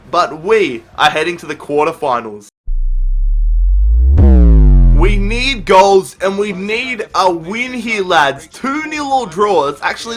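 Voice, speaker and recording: A young man commentating his own football video game match, calm when explaining, then shouting at big chances. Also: high-pitched. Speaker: gaming YouTuber.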